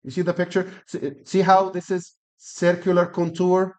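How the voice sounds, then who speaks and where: A man's voice: sits high, monotone, normal speed, darkish tone. A middle-aged man lecturing on anatomy, repeating key terms and asking students frequent questions. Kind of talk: classroom lecture.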